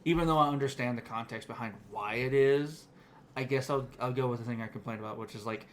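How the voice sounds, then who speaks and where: A man's voice: medium pitch, fast talker. Male podcast co-host, easygoing, chatty, laughs easily, light noise underneath. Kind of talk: casual podcast chat.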